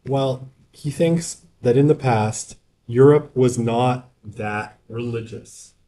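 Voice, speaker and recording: A male lecturer talks to his class in an easy, conversational way. He keeps asking "right?" as he goes and breaks off for joking asides. His voice sits at an ordinary middle pitch for a man. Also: takes it slowly, mellow. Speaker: university lecturer. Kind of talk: casual university lecture.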